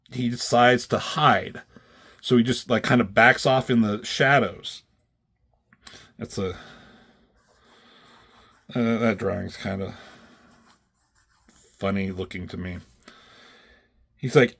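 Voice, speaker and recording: A man's voice: mid-range voice, fairly bright tone. Casual male reviewer, mid-range voice, loose and rambling with fillers. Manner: rambling, lots of um and like, swears casually. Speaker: comic book reviewer. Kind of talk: casual comic recap.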